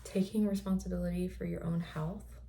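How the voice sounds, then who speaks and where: A woman host in a reflective personal monologue, speaking softly and often slipping into a breathy whisper. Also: fairly low pitch, level tone, brisk, slight background noise. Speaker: podcast host.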